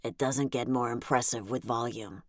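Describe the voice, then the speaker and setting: A woman voicing a cranky old grandmother over 70 with a dry, deadpan delivery. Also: a bass voice, moderate pace, dry recording.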